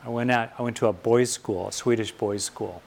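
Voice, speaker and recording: An older American man with a gravelly, mid-range voice speaks in a reflective teaching talk. He pauses often, then lifts his voice to stress key ideas. A faint hiss sits under the recording. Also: mid-range voice, steady tone, darkish tone. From California. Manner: thoughtful, pausing often, rising emphasis on key points.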